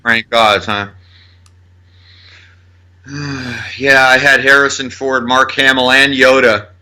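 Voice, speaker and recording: A man co-hosting a film podcast in loose, casual chat, swearing now and then as he reels off actors and their other roles. His voice is very bright and ringing, at a middling pitch for a man. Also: steady tone, slow. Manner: loose and swearing, rattles off cast trivia. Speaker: podcast co-host.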